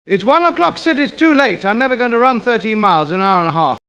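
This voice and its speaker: A man voicing a pompous, self-pitying suburban gent who is quick to get indignant, in an AI-voiced comedy sketch. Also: high-pitched, animated, a bit bright, clear, resonant tone, rough recording.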